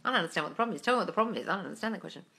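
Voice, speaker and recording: A woman's voice: mid-range voice, animated, racing, sharp tone. A young woman hosting a casual live Q&A, answering viewer comments bluntly, swearing freely and calling people darling. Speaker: manifesting coach and livestream host.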